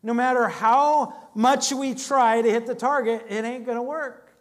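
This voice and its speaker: Male pastor, higher voice, sermon delivery, chatty storytelling with loud and soft swings. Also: unhurried. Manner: conversational storytelling, dynamic swings in loudness.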